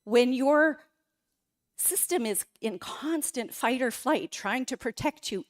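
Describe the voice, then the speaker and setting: A woman's voice: sits high, slow pace. Emotional middle-aged woman giving testimony. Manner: emotional, dramatic storytelling with quoted outbursts. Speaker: guest speaker. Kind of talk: personal testimony talk. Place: church sanctuary.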